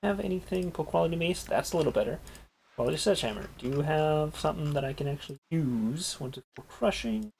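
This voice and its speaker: A man's voice: on the high side, brisk, vocal fry, a little mellow, slight background noise. A man streaming a video game, chatting casually, thinking aloud, swearing freely and reading on-screen text aloud.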